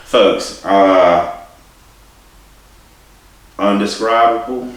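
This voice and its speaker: A man telling a personal story in a rambling, halting way, swearing and laughing at himself. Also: deep voice. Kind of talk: casual storytelling. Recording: distant mic in a very echoey room.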